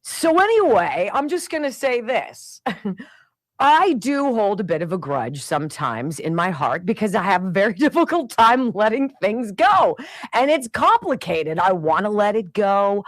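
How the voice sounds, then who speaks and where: A middle-aged woman hosting a radio show, telling a family story in an animated, exasperated way and acting out the voices of the people in it. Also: mid-range voice, a little slow, dry recording. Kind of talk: storytelling monologue.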